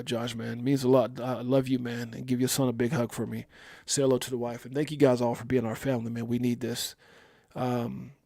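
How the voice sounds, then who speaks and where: A grieving man hosts a casual livestream in a middling, darkish voice. He speaks haltingly with many fillers and restarts, reading viewer comments aloud between his own thoughts.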